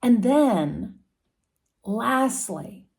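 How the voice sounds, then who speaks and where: A woman's voice: a little high, lively intonation, very slow, creaky, darkish tone. A woman explaining astrology casually, as a story about animal characters.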